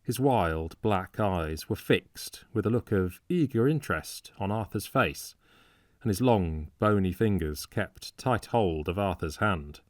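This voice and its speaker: A man reading a classic novel as an audiobook in a measured, steady storytelling manner, recorded on a close studio microphone. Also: sits low, no echo. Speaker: audiobook reader. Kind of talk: scripted narration of a classic novel.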